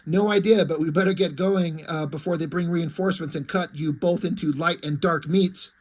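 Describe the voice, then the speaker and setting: A man's voice: fairly high pitch, fairly even intonation, moderate pace, close to an everyday voice. A man reading as a blunt talking shield. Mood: urgent. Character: dry-witted talking magic shield.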